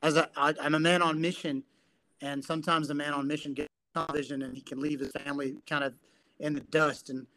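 A man's voice: a little high, level tone, fairly quick, pushed and bright. A man who is a guest on a podcast, speaking earnestly and reflectively in casual conversation. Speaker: guest, men's coach and psychotherapist. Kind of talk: casual interview talk.

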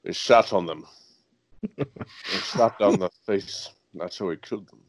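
A man's voice: deep voice, no echo. A man in a comedy game voicing a sleepy, rambling detective with a Scottish-tinged accent who keeps losing his thread. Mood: drowsy. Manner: drowsy, halting, loses his thread. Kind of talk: improvised comedy impression.

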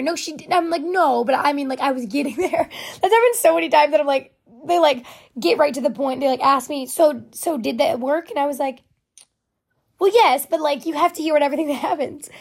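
A young woman hosting a podcast alone in her room, rambling through stories in casual chat with lots of fillers. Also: high voice. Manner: rambling, chatty storytelling with frequent fillers. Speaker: podcast host.

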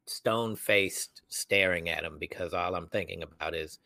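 A young adult man co-hosting a podcast, telling a personal story in casual chat and acting out the people he quotes in loud voices. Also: sits low, moderate pace, creaky, no room sound. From United States. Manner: animated, acts out quoted voices loudly. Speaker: podcast co-host.

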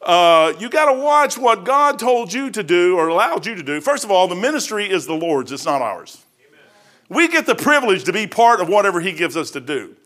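A middle-aged man preaching a sermon in a folksy storytelling way, swinging between loud emphatic bursts and quieter asides. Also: high voice, very animated, brisk. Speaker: pastor.

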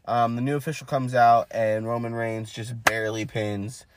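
A man's voice: medium pitch, level tone, normal speed, background noise. Man recapping matches on a podcast. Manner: play-by-play recapping with fillers. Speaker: podcast co-host. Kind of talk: casual wrestling podcast chat.

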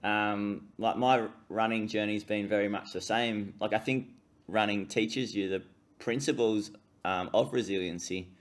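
A man hosts a casual conversation in an unhurried, easygoing way. His voice is low and he takes his time, mostly agreeing with his guest. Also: fairly even intonation. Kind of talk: casual chat.

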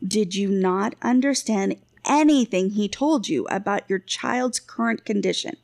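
A woman's voice: mid-range voice, measured pace, creaky, a little mellow, no echo, studio quality. A woman reading a fantasy audiobook, voicing a blunt, exasperated female healer who scolds with open scorn. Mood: scornful.

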